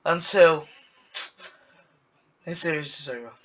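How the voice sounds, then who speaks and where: A man's voice: a little high, takes it slowly, a bit bright, recorded from a distance, poor audio. A man hosting a let's play, rambling and stumbling over words while he races, with a cough. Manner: rambling, stammers and repeats. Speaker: gaming channel host.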